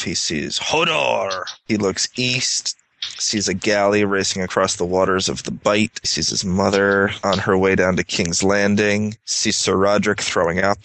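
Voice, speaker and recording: A man co-hosting a casual book podcast. He reads passages aloud, then slips into loose, quick summaries. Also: on the low side, fairly bright tone, slight background noise. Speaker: podcast co-host.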